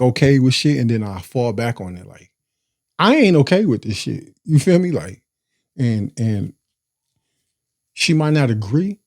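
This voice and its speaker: A man's voice: mid-range voice, darkish tone, no echo, studio quality. A man telling his life story in a casual monologue, cursing freely and often asking "you feel me?". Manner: profane, streetwise, keeps asking "you feel me?"; breaks into laughter.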